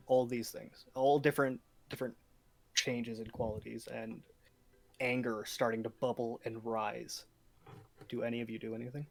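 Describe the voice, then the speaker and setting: A man narrating as game master of a tabletop game, with a dramatic delivery and sudden shifts in pace and loudness. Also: mid-range voice, level tone, normal speed, vocal fry, faint music behind.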